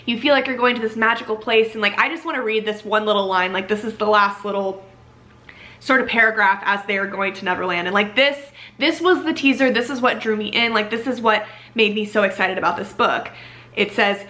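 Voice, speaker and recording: A woman's voice: mid-range voice, a little fast, pushed and bright. A young woman reviewing a book in casual, gushing chat, filling her talk with "like". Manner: gushing, filler-heavy with frequent "like".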